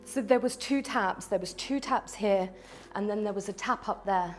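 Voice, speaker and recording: A woman vlogging a ghost hunt in an abandoned house, talking to spirits, jumpy and swinging from hushed to loud. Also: medium pitch, moderate pace. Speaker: paranormal vlogger. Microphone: small mic on the camera.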